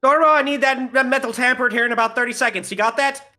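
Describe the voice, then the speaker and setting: A man's voice: very high-pitched, fairly even intonation, fast talker, soft background music, full character voice. A man voicing an irate, short-tempered gnome inventor who barks orders at his helpers. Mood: frantic, bossy. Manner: barking orders, yelling.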